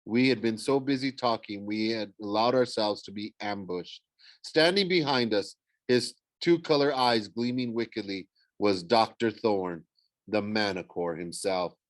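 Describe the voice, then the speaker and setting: Man reading an audiobook, low-ish, dry close mic, trips over words sometimes. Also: a little slow, no echo. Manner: stumbles and self-corrects. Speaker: audiobook reader. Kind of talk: first-person audiobook narration.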